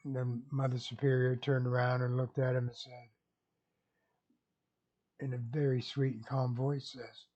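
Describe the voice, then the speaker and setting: A man's voice: mid-range voice, little pitch movement, unhurried, long pauses, warm tone, dull audio. A man vlogging casually, rambling folksily and chuckling at his own jokes. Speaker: YouTube vlogger.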